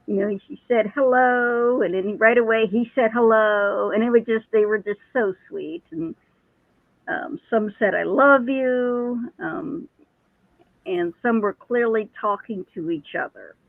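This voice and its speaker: A woman's voice: mid-range voice, unhurried, creaky, dry recording. A woman who is a psychic medium, chatting casually as a guest and telling stories with many restarts. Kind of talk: casual chat. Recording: tinny phone line, dry.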